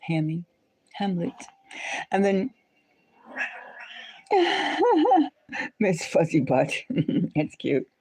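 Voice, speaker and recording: A woman's voice: sits low, mellow. A woman hosting a live stream, chatting casually with viewers in a rambling way and repeating phrases over and over.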